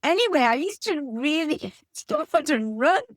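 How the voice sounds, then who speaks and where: An English woman in her fifties, a guest author in an interview, telling lively anecdotes. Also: sits high, measured pace, no echo. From England. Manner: animated anecdotal storytelling. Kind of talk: conversational interview.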